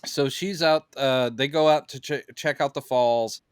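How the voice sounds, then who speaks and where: A man co-hosting a podcast, casually breaking down a movie in an animated way. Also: medium pitch, a little slow, smooth, no echo, clean studio sound. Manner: animated, acts out quoted lines in silly voices. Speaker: podcast co-host.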